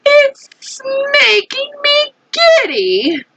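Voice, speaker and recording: A woman doing a squeaky, pleading Miss Spider. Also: wildly swooping pitch, extremely slow, sharp tone, exaggerated voice, rough recording. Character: giddy, pleading female spider.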